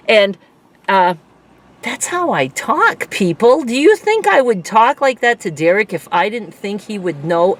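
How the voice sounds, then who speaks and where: Candid middle-aged woman vlogging. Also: on the high side. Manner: candid, rambling, quick to laugh. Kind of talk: candid personal vlog.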